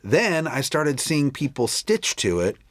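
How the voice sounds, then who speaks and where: Lively rambling male podcast co-host. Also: on the high side, a little slow, no echo, clean studio sound. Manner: rambling, self-interrupting, wry. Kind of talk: casual movie chat.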